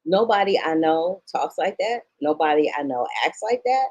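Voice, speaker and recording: Low-voiced woman critic, chatty and emphatic. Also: animated, moderate pace, a little mellow, muffled recording. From St. Louis, Missouri. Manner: emphatic, slangy asides to listeners. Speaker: film critic and podcast host. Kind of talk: casual film review chat.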